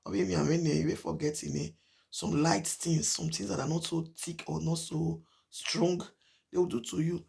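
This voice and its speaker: A woman with a Nigerian accent talks straight to her viewers in a casual vlog. Her voice has a gravelly, creaky edge. She drives each point home by saying it again and again, moving between Pidgin and English. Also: deep voice, fairly even intonation, a little fast, a little mellow. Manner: emphatic and repetitive, mixing Pidgin with English. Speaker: vlogger. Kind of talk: casual talk to camera.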